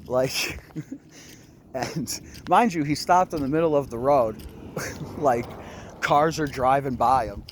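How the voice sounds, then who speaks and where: A young man vlogging on a walk outdoors, retelling a run-in in an animated way and acting out both sides. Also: mid-range voice, slow pace, pauses often, a little hiss or hum. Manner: animated, laughing, retells with quoted voices. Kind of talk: casual storytelling.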